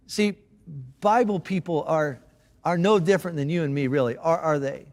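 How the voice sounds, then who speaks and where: A male pastor gives a sermon in a loose, chatty way, using slang and stopping to restart his sentences. His voice sits high for a man. The sound rings with the long reverb of a church hall. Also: normal speed, a little mellow. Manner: casual and conversational, with slang and restarts.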